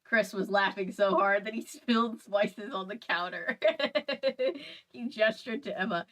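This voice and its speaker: A woman's voice: mid-range voice, unhurried, fairly bright tone, poor audio. Woman reading fan fiction aloud, playful. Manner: playful, laughing, stumbles and adds asides while reading. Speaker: host.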